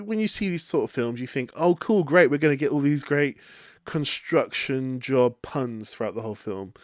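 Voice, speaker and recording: A man's voice: mid-range voice, clear, resonant tone, dry recording, clean studio sound. A man hosting a casual solo film review podcast, rambling and chatty with many fillers and restarts. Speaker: podcast host reviewing films.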